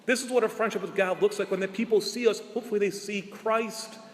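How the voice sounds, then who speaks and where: A priest giving an earnest sermon, asking rhetorical questions and drawing out his key words slowly. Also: sits high, steady tone, long reverb tail. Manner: earnest preaching with rhetorical questions and slow emphatic endings.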